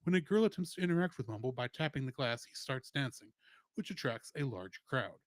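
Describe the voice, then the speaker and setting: A man's voice: mid-range voice, animated, fairly quick, no echo. A man co-hosting a podcast, reading a plot summary and film trivia with playful asides. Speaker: podcast co-host.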